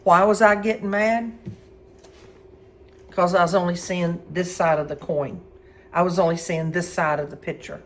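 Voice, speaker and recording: A middle-aged woman, telling a personal story in a folksy, animated way and acting out the quotes. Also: on the low side, moderate pace, long pauses. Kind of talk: casual spoken storytelling.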